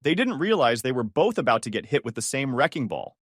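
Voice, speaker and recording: A man's voice: mid-range voice, very animated, brisk, hardly any pauses, no room sound, clean studio sound. A man narrating a first-person story in a smug, cutting manner.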